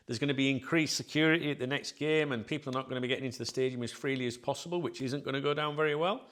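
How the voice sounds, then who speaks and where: Gravelly man in casual chat. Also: mid-range voice, fairly bright tone. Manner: rambling, many fillers and restarts. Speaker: channel host.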